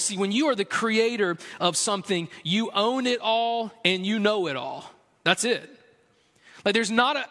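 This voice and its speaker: A man's voice: high-pitched, a bit bright. A man preaching a sermon as pastor, earnest and conversational with a playful humor. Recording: long hall reverb.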